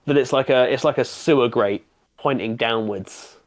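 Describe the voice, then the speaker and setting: A man's voice: mid-range voice, normal speed. A man running a tabletop game as game master, narrating in a loose, rambling way with restarts and fillers.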